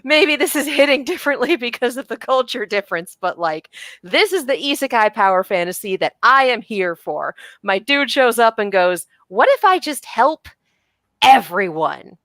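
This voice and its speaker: An American woman co-hosting a podcast in casual chat, animated and quick to act out quotes. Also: a little high, no room sound. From United States. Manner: animated, acts out quotes with laughs. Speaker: podcast co-host.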